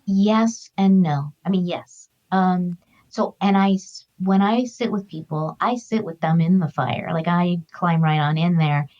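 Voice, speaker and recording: A woman's voice: fairly low pitch, measured pace, a little mellow, highs cut off. A middle-aged woman, a guest author and grief counselor, telling stories in an earnest, heartfelt, spiritual way. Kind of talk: reflective conversational interview.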